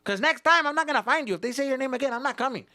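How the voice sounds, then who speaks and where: A man voicing his stern, angry father, who scolds his lost young son loudly and mixes Spanish curses into his English. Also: high-pitched, animated, quick pace, creaky, no room sound, studio quality, voice pushed up, exaggerated voice. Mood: furious scolding.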